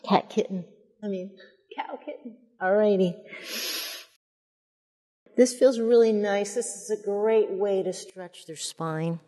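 A woman leading a mother and baby yoga class, giving gentle, soothing cues and cooing at the babies. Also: mid-range voice, slow pace, pauses often, in a large hall. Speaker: yoga instructor. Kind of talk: guided yoga class instruction.

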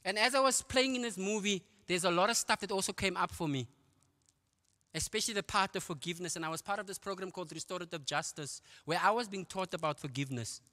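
A middle-aged South African man tells his testimony to a church men's conference, and his storytelling is lively, with quick asides. His voice sits a little high and sounds bright and forceful. It rings with the long reverb of a large hall. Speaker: guest speaker giving testimony. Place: church auditorium.

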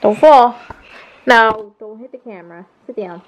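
A woman's voice: a little high, measured pace. A young woman talking to her toddler at home for a family vlog, playful and teasing. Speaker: parent vlogger.

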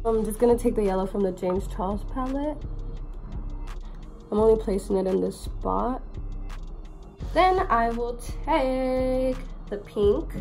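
Young woman, hoarse sick voice, slangy playful chatter, music playing behind. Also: on the high side. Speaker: beauty vlogger. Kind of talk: casual get-ready-with-me chat.

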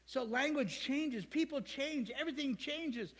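A male pastor from Ohio preaching a sermon in a church, lively and conversational, with asides to the congregation. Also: high voice, moderate pace, long reverb tail. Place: church sanctuary.

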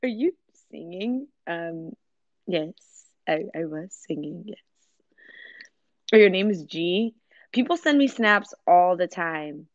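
A woman's voice: on the low side, expressive, slow pace, no room sound, dull audio. A woman casually chatting with viewers on a livestream from her kitchen, giggly and answering their comments. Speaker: livestream host. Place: home kitchen.

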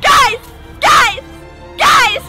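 A woman voicing a frantic high-voiced woman left behind by her friends, shouting shrilly and desperately over a clip with music behind. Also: big pitch swings, extremely slow, exaggerated voice.

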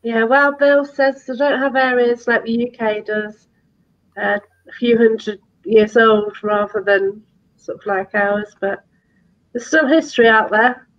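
Woman, chat show host, casual, slightly high voice, muffled lo-fi sound. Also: fairly even intonation, a little slow.

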